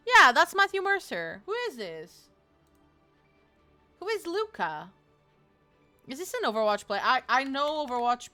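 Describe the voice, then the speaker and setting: A woman's voice: on the low side, a bit bright. A woman streaming a video game, chatting casually and swearing often. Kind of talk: casual gaming stream chat.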